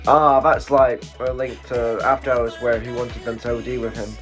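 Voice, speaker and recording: Excitable British man reacting to music. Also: mid-range voice. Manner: excitable, quick exclamations and chuckles. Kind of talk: casual music reaction commentary. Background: faint music playing.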